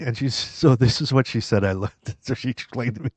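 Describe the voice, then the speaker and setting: A man's voice: mid-range voice, expressive, fairly quick, dry recording. A man co-hosting a podcast in casual chat, a rambling storyteller who laughs often. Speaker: podcast co-host. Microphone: headphones and studio mic.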